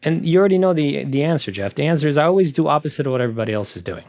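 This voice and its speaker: Man hosting, animated storyteller, dry sound. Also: on the high side, racing, no echo. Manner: storytelling, animated impressions of others. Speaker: podcast host. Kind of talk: casual conversation.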